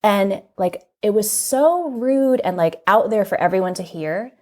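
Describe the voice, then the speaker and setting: A woman from the United States, a magazine editor and podcast guest, recounting personal memories in an earnest, reflective way, often filling pauses with "like". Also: mid-range voice, expressive, a little mellow. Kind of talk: candid personal storytelling in an interview.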